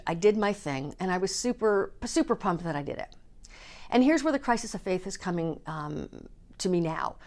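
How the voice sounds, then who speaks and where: Candid, emotional woman vlogging. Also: mid-range voice. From Canada. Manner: candid, emotional, swears casually. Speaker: speaker and coach. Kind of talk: personal vlog monologue.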